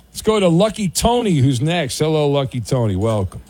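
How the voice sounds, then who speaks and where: A man's voice: fairly high pitch, sing-song, moderate pace, a little mellow. A man hosting a sports call-in radio show, bantering sarcastically with callers and stumbling over restarts. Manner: sarcastic, teasing, stammering restarts. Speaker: sports talk radio host.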